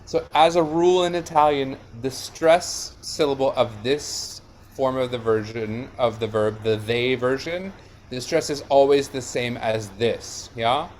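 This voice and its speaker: Slow, explaining male diction coach. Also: medium pitch, a little hiss or hum. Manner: explanatory, checks in with "yeah?" and "right?". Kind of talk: online lesson.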